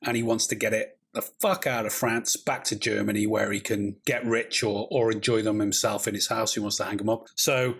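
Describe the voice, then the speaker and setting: Host: husky man, casual and enthusiastic film chat, swears freely. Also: fairly low pitch, steady tone, normal speed, hardly any pauses, fairly bright tone. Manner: loose and enthusiastic, swears, chatty. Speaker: podcast host.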